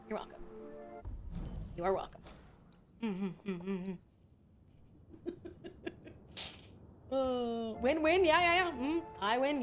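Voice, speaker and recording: A young woman streaming a game, chatting casually with crude, teasing humor and loud bursts of laughter. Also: high-pitched.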